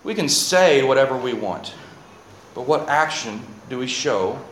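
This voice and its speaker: A man preaching a sermon, joking aside to his listeners and reading scripture slowly. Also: medium pitch, a little hiss or hum. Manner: animated, jokey asides, reads scripture slowly. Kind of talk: sermon with audience participation. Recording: echoey hall, faint ambience.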